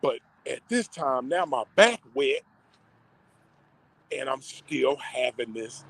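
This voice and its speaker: A man telling a personal story to camera in a slangy, emotional, drawn-out way. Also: medium pitch, big pitch swings, gravelly, fairly bright tone, poor audio.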